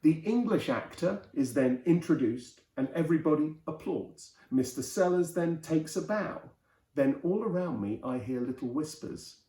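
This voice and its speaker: A man reading an old novel aloud in a lively storytelling manner, his voice mellow and warm. The recording is roomy, with a clear echo around him. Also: a little high, moderate pace. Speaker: host and reader.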